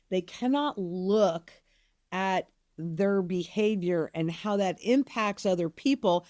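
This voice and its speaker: A woman's voice: medium pitch, a little mellow, no echo, clean studio sound. An older woman hosting an interview, talking in an emphatic, chatty way about family. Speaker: interview host. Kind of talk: casual interview conversation.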